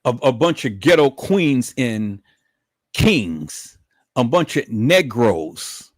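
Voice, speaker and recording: A man's voice: mid-range voice, very animated, slow pace, no echo, studio quality. A middle-aged man ranting angrily on a livestream, swearing freely, stumbling over repeated words and calling out to his viewers. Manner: profane, indignant, calls the audience "peoples"; repeats words when worked up, swings to loud outbursts. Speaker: livestream commentator. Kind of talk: angry ranting livestream commentary.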